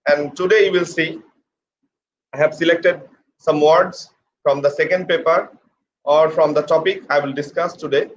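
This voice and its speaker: A man with a slightly high voice gives a pronunciation lesson. He speaks slowly, spells each word letter by letter and repeats it. The recording sounds a bit muffled, with a faint hiss behind him. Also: steady tone. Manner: slow, repeats words and spells them out letter by letter. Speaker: English teacher. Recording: slightly dull with faint background noise.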